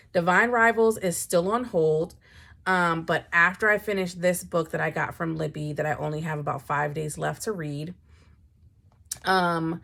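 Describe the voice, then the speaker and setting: A young woman chatting casually about books, dramatic and animated, swinging from low mumbles to high exclamations. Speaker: book vlogger. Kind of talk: casual chat.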